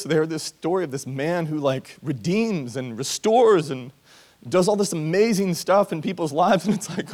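A man's voice: on the high side, a little mellow. A man in his thirties from Georgia, a pastor preaching a sermon in a conversational, earnest way during a church service. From Georgia, USA. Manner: conversational, earnest, acts out quoted voices. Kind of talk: sermon with personal storytelling.

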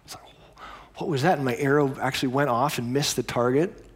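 A man's voice: mid-range voice, steady tone, quick pace, breathy edge. A man preaching a sermon as pastor, telling stories in a conversational way with explanatory asides.

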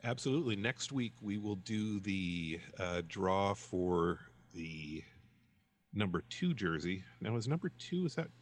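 A man with a very low voice co-hosting a loose, casual chat. He rambles with plenty of ums and false starts as he tells a joke. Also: expressive, measured pace. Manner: rambling with many ums and restarts; joke-telling. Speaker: podcast co-host.

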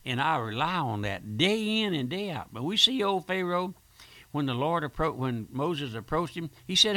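A man preaching a radio sermon with fervor, using rhetorical questions and driving repetition. His voice is fairly high and bright, and it swings widely in pitch. The sound is close and dry. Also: sing-song, normal speed, dry recording. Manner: fervent preaching, rhetorical questions, repeated phrases. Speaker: pastor and radio host.

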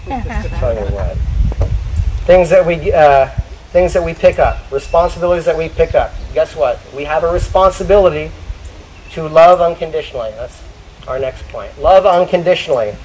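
A man preaching a sermon, talking casually to his church and slowing down to read scripture aloud. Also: a little high, lively intonation, a little mellow, a little hiss or hum, rough recording. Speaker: pastor.

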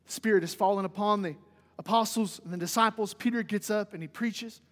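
High-voiced preacher in a reverberant church. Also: male voice, a little fast. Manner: emphatic preaching, rising loud for quotes, dropping quiet at the close. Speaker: pastor. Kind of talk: sermon. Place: church sanctuary. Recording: long reverb of a church hall.

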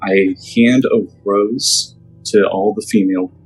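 A man's voice: on the low side, steady tone, faint music behind, low-quality recording. A man playing a tabletop role-playing game, describing his character's actions with many fillers and restarts. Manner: hesitant, halting, many fillers. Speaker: player. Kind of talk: casual tabletop play.

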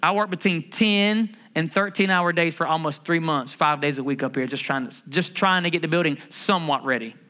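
A male pastor preaching to his church in a high, bright voice. He talks in a lively, conversational way, full of rhetorical questions and humor. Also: a little fast, hardly any pauses. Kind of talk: sermon. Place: church building.

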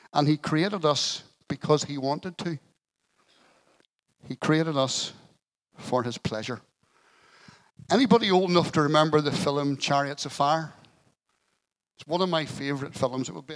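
Male pastor, earnest sermon, storytelling, light humour, mid-pitched voice. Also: rough recording.

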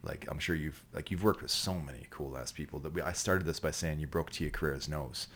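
A man's voice: extremely low pitch, brisk, a bit bright. A Canadian actor, a man, chatting as a podcast guest and telling rambling, profane stories full of restarts. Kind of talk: casual storytelling chat.

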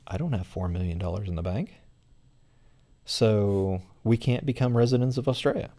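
A man's voice: lowish voice, normal speed, mellow. A middle-aged American man answering interview questions in a rambling way, full of fillers. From United States. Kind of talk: conversational interview.

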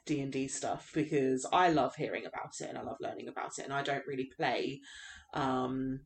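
A young woman co-hosting a podcast in casual chat, with dry teasing and many quick affirmations. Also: very deep voice. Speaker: podcast co-host.

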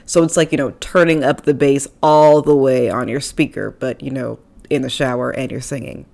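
Young female podcast host with a low-pitched voice, casual and chatty, quick to poke fun at herself. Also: fairly even intonation, creaky, darkish tone. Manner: chatty, self-deprecating, playful asides. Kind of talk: casual solo podcast talk. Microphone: studio microphone.

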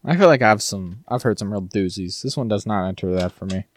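A man co-hosting a podcast, chatting casually in an animated, rambling way and repeating words as he goes. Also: on the low side, a little fast, no echo. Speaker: podcast co-host. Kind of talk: casual chat.

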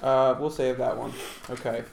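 A man's voice: mid-range voice, level tone, moderate pace, gravelly, a little mellow, reverberant, slight background noise. A man hosting a casual drinking-game chat, joking, teasing and swearing freely. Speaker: podcast host.

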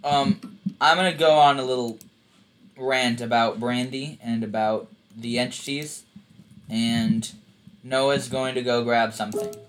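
A man co-hosting a casual conspiracy-themed podcast, rambling and halting with plenty of fillers. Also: mid-range voice, fairly even intonation, soft background music. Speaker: podcast co-host.

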